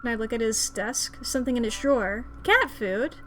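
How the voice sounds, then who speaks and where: A woman's voice: fairly high pitch, lively intonation, normal speed, fairly bright tone, faint music behind. A young woman streaming a video game, making playful, jokey reactions as she plays.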